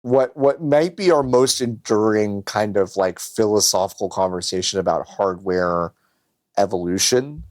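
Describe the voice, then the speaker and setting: A man's voice: fairly low pitch, a little slow, no room sound, clean studio sound. A man co-hosting a podcast in casual chat, swearing freely and acting out voices. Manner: animated, swearing, acts out voices. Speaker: podcast co-host.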